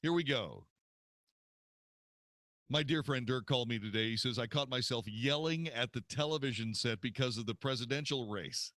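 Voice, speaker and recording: A man's voice: medium pitch, normal speed, a bit bright, no echo. A man, a radio host, recording promo spots in a studio, telling a story with theatrical delivery and retakes.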